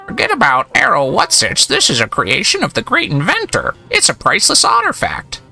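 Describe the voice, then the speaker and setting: A man voicing a fussy, scholarly female bird professor, reading game dialogue aloud in a bookish, measured way. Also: sits high, huge pitch swings, creaky, sharp tone, soft background music, pitched above the performer's own voice, exaggerated voice.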